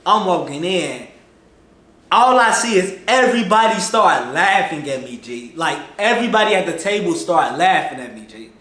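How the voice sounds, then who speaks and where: An excitable man tells a story in a casual, slangy vlog, with a high, sharp voice that jumps from loud bursts to low mutters. The sound rings in an echoey room. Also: moderate pace. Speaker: vlogger telling a personal story.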